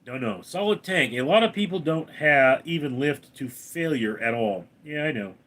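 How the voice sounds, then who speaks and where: A man's voice: a little high, animated, moderate pace, a bit bright. A man hosting a casual live stream, reading out viewer names and comments and answering them briefly. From Los Angeles, California. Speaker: livestream host reading chat.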